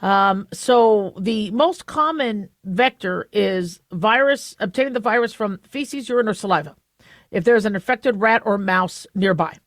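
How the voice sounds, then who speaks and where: A woman's voice: medium pitch, unhurried, no echo, clean studio sound. A woman hosting a talk radio show, explaining medical news in a chatty way with many fillers and restarts.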